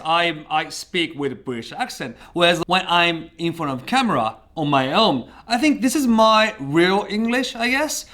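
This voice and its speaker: Lively-voiced Japanese man teaching a phrase. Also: a little high. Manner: halting, pauses often mid-sentence. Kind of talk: casual vlog lesson.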